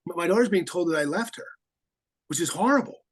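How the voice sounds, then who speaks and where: A man, an attorney, speaking as a guest in a casual interview, halting with many restarts and fillers. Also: sits high, animated, slightly rough, low-quality recording.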